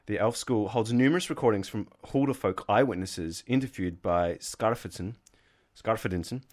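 Lower-voiced man reading folklore aloud. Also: normal speed. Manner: reads the story in an even tone, breaks off to joke. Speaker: podcast host. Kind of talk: comedic folklore storytelling.

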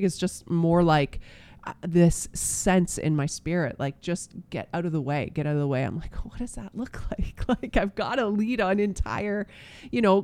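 Earnest man with a smooth voice. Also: fairly high pitch, darkish tone. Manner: earnest, halting, many fillers and restarts. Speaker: pastor. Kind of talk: casual testimony chat.

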